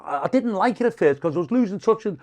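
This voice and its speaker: An older British man, a comedian, telling profane, animated stories in casual podcast talk. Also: sits high, fast. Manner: profane, animated anecdotes, acts out quoted insults loudly. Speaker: comedian guest.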